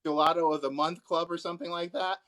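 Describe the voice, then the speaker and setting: A man's voice: a little high, level tone, fast, a bit bright. A man who performs with bubbles and puppets, chatting casually and rambling as he goes. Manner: rambling, easily amused. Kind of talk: casual video chat.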